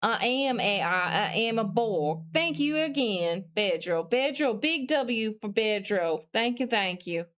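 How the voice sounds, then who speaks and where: A woman's voice: mid-range voice, expressive, unhurried, hardly any pauses, fairly bright tone. A woman streamer chatting casually on a live stream, reading chat messages aloud, answering them, and thinking aloud while she studies.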